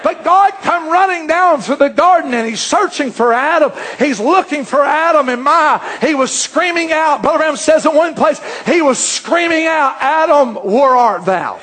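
A man preaching a fervent sermon, often rising to shouts. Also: extremely high pitch, moderate pace, hardly any pauses.

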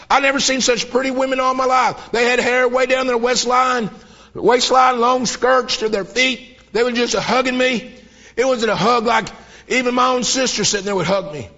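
A man preaching a sermon, telling a vision with mounting fervor and bursts of shouted praise. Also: extremely high pitch, moderate pace. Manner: fervent storytelling, voice rising to shouts of praise. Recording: dull lo-fi old tape.

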